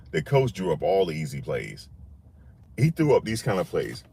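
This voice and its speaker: Deep-voiced man in emphatic casual commentary. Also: normal speed, creaky, slight background noise. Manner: emphatic, repeats himself, slangy and animated. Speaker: sports commentary channel host.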